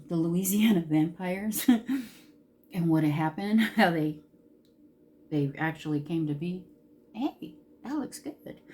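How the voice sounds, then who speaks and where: A woman in her fifties chatting casually while doing her makeup, rambling through stories and chuckling often. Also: lowish voice. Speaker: beauty vlogger.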